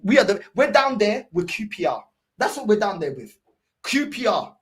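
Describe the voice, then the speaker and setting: A woman's voice: mid-range voice, sing-song, moderate pace. A woman ranting about her football club in an exasperated, repetitive way. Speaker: football fan streamer. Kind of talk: ranting fan commentary.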